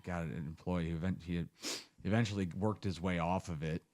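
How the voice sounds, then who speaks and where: A man's voice: low voice, steady tone, brisk, darkish tone. A man in his thirties from Ohio, hosting a podcast and telling rambling stories in casual chat, swearing a lot. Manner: rambling storyteller, heavy swearing. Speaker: podcast host.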